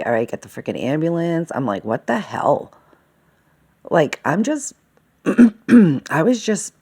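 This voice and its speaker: A woman's voice: rumbling low, darkish tone. A woman rambling agitatedly in a casual monologue, swearing often and checking in with "okay?" and "all right?". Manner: fillers and self-interruptions, asks "okay?" and "all right?". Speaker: vlogger.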